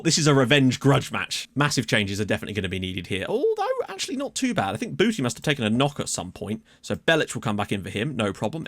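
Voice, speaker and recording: A man's voice: mid-range voice, fairly bright tone, dry recording, studio quality. A man giving chatty, enthusiastic commentary on a football management game, rambling through asides. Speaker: gaming YouTuber. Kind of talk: let's play commentary.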